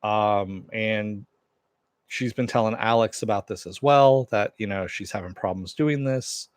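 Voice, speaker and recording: A man hosts a relaxed home stream, reading viewer comments and rambling through TV episodes with plenty of fillers. His voice sits low, and the sound is dry and close. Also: unhurried, dry recording. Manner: rambling, loose, with many fillers and restarts. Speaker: show host. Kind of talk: casual live-stream chat with viewers.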